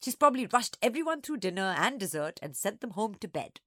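A woman's voice: medium pitch, sing-song, a little fast, dry recording, clean studio sound. A woman doing a stern, quavering old lady. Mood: wry. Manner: gruff, curt commands.

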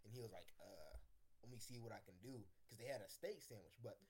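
A man's voice: on the low side, fast, a little mellow, husky. A young man co-hosting a casual podcast over a voice call, telling stories in a laid-back, slangy way. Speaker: podcast co-host. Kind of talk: casual chat.

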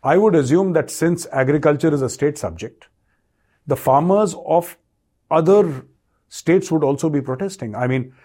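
A man's voice: fairly high pitch, moderate pace, warm tone. A man giving direct-to-camera commentary and answering viewer questions, emphatic and repeating his key points. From India. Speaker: defence commentator and show host.

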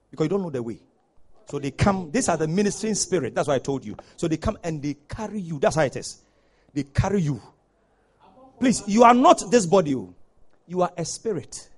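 A man preaching a sermon, swinging between hushed warnings and loud shouted appeals. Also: high voice, husky. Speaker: pastor.

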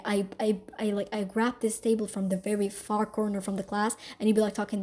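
A woman's voice: mid-range voice, little pitch movement, fairly quick, few pauses, darkish tone. A young woman hosting her podcast, telling a personal story in a rambling, gossipy way that keeps tagging lines with "like" and "okay?". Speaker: podcast host. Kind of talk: casual storytelling monologue.

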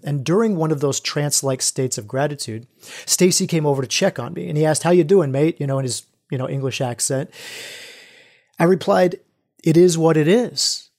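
A man with a fairly high-pitched voice hosts his own podcast as a spiritual guide for men, addressing listeners as brothers. It's a solo monologue, earnest and reflective.

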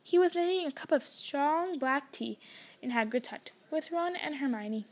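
Woman reader, high voice, plain and slightly halting storybook read-aloud. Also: lively intonation. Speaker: audiobook reader, podcast host. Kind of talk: reading a novel aloud.

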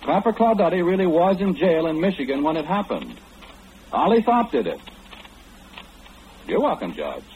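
An actor playing a calm, wry clairvoyant man who knows everything, in 1940s radio acting. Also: fairly high pitch, dull audio, slight background noise. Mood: knowing. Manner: knowing, unhurried, gently mocking.

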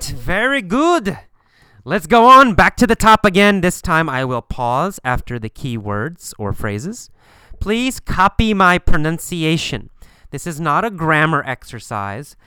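A man teaches English pronunciation through a story, speaking slowly and clearly so each phrase can be copied. His voice is crisp and bright, with a lively, rising-and-falling pitch. The recording is dry and close. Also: dry recording. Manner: slow and emphatic, repeating phrases for learners to copy. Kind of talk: slow, deliberate language-lesson storytelling.

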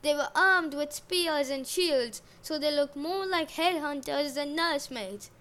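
A woman's voice: high voice, measured pace, pushed and bright. A woman hosting a casual myth storytelling podcast, narrating with jokey asides and modern slang.

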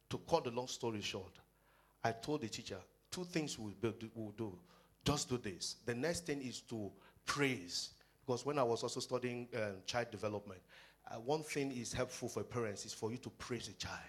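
A man preaching a sermon, telling a family story, often calling out hallelujah and laughing, moving from hushed talk to shouted praise. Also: mid-range voice, slightly rough. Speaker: pastor.

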